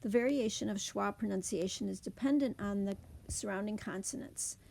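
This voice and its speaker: A woman teacher explaining speech sounds in a phonics lesson, saying example words slowly and clearly. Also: mid-range voice, a little mellow. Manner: clear, deliberate demonstration of words.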